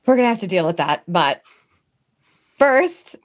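A woman's voice: medium pitch, big pitch swings, a little slow. A woman playing a tabletop game, giggly and casual in character. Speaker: player.

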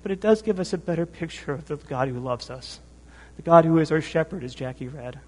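A man's voice: fairly high pitch, brisk. A male preacher delivers his sermon in a church hall, and his voice carries a long reverb. He sounds earnest and emotional, a little worn from lack of sleep. He restarts phrases often and keeps checking in with "right?".

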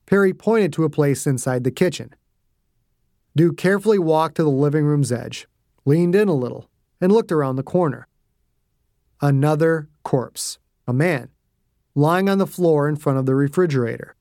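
A man reading his own thriller aloud in a steady, gritty narration. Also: fairly high pitch, normal speed, no room sound, clean studio sound. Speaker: author and narrator. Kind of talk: scripted audiobook narration.

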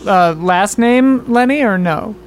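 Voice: mid-range voice, slow. A player chatting loosely and laughing often while sorting out characters for a tabletop game. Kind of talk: casual chat setting up a tabletop game.

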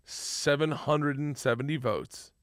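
A man hosting a podcast in casual chat, excitable and swearing, breaking into loud laughter. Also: a little high, unhurried, no room sound, clean studio sound. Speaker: podcast host.

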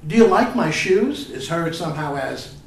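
An older man giving a poetry reading, chatting haltingly between poems and reciting them with feeling. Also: a little high, gravelly, a little hiss or hum. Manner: halting, filler-laden talk between expressive recitations. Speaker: poet. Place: reading venue with an audience. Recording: roomy echo, distant mic.

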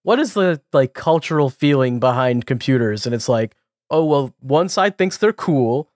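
Speaking at normal speed in an expressive, medium-pitched voice that's a little mellow, a man co-hosts a podcast. He rambles casually with frequent fillers, restarts and laughter. The sound is clean studio audio without room sound.

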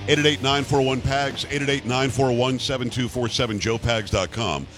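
A man's voice: medium pitch, fairly even intonation, fairly quick, over music. Indignant male talk radio host. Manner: indignant, emphatic, repeats the call-in number.

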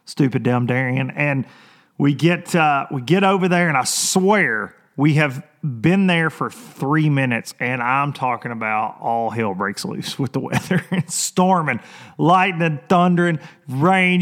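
A man hosting a fishing show, talking casually and excitably with lots of restarts and teasing jokes. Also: medium pitch. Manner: rambling and excitable, many restarts. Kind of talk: casual vlog opening talk.

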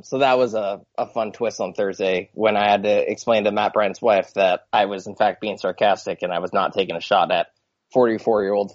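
A man's voice: lowish voice, no room sound. A man co-hosting a sports podcast, telling a sarcastic story. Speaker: podcast co-host. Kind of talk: casual sports chat. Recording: dull, lo-fi dry audio.

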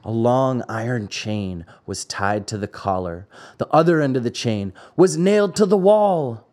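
A man reading a classic fairy tale aloud as host, measured and expressive. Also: medium pitch. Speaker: host and reader. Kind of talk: storybook narration.

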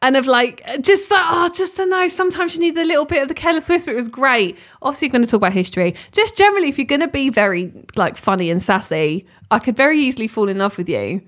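Bubbly high-voiced woman podcaster. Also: lively intonation, fast talker, few pauses. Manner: bubbly, giggly, swearing freely. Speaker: podcast co-host. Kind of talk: casual chat.

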